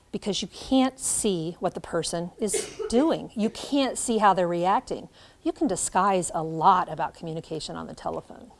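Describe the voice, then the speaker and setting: Middle-aged woman, teacher educator, lively classroom lecture, acts out examples. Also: lowish voice. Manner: animated, demonstrates by acting out lines.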